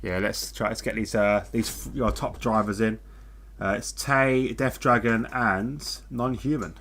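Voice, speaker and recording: A man from the United Kingdom giving casual live race commentary, relaxed and joking with his co-host. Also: fairly low pitch, measured pace. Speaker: co-commentator of a sim racing league.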